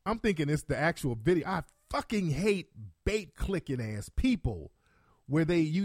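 A man's voice: a little high, dry recording, clean studio sound. A man giving a blunt, heated, profanity-laced reaction commentary as a vlogger.

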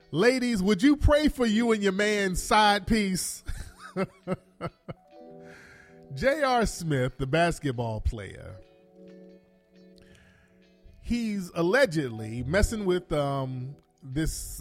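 Animated, cursing man commentator. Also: high-pitched. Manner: animated, profane, laughing asides. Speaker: commentary host. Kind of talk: casual commentary.

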